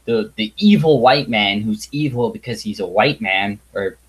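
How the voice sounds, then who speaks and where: A man's voice: on the low side, expressive, slightly rough, rough recording. A man giving a blunt, exasperated review monologue, sighing and swearing and often restarting his sentences. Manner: halting restarts and repetition. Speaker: video reviewer.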